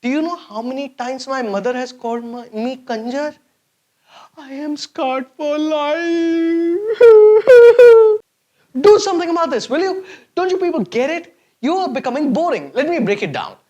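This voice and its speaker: A man's voice: very high-pitched, animated, a little fast, darkish tone, muffled recording. A man hosting a sarcastic, mocking comedy rant to camera. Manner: sarcastic, mocking, exaggerated swings of voice. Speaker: host.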